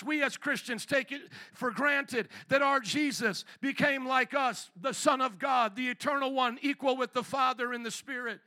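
A man preaching a fiery sermon, often shouting with force and at times dropping to a hushed, tender tone. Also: very high voice, normal speed, hardly any pauses. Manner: drops to a hushed tone for tender passages.

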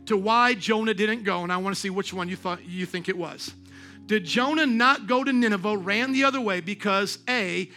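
A high-pitched man delivers a church sermon, bright and sharp in tone. He swings from hushed, confiding lines to impassioned shouts and questions his congregation directly. Soft music plays underneath. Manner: passionate preaching that swings from quiet to shouting. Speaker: pastor. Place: church service.

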